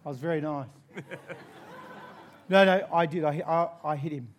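Australian male preacher, slightly higher voice, animated storyteller. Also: moderate pace, slight background noise. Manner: animated storyteller, laughing through the tale. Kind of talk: sermon with a personal story.

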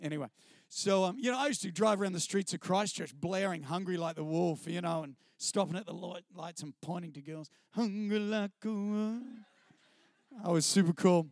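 A middle-aged man from New Zealand with a New Zealand accent, speaking as a guest on a church stage and sharing his testimony in an animated, self-deprecating, chatty way. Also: sits high, brisk, vocal fry, no room sound, clean studio sound. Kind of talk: personal testimony storytelling to a live audience. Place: stage before a live audience.

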